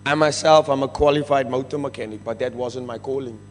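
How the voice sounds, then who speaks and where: A man's voice: medium pitch, fairly even intonation, fairly quick. A South African man stands before a congregation and gives an earnest, emotional testimony, slipping between English and Afrikaans. His voice rings out through a large, reverberant church hall, with faint music underneath. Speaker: rehab ministry member giving thanks.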